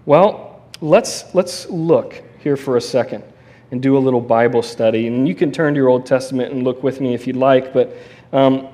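A man preaching a sermon in a conversational, animated way, with restarts and asides. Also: mid-range voice, moderate pace. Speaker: pastor.

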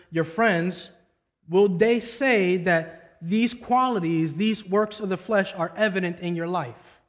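A man in his thirties preaching a sermon in a conversational, storytelling way, weaving in personal anecdotes. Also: high voice. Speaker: pastor.

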